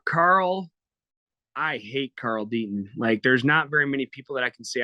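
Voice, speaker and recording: Blunt, profane man with a bright voice. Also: mid-range voice, animated, moderate pace, no echo. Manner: blunt, profane, emotional storytelling. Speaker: guest fighter. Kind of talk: candid podcast interview.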